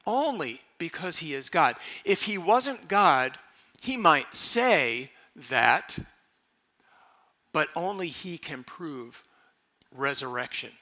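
Guy preaching a sermon, kinda high voice, really sharp and punchy, says things twice for emphasis. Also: sing-song, takes it slowly. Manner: emphatic, repeats key phrases. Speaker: pastor.

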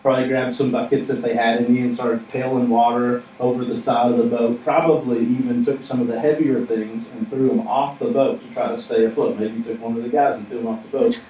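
A man's voice: mid-range voice, level tone, fairly quick, hardly any pauses, mellow. Man preaching in an echoey hall. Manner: conversational, joking, asks the audience questions. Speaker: pastor. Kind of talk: sermon. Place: stage in a church hall. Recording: echoey room from far off with faint noise.

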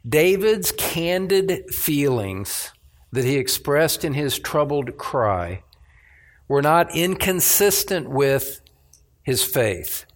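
A man preaching a sermon as pastor, emphatic, with pauses and restarts. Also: fairly high pitch, big pitch swings.

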